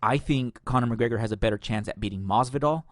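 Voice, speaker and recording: A man's voice: mid-range voice, quick pace, dry recording, studio quality. A man hosting a podcast, ranting casually and profanely with strong opinions. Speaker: podcast host.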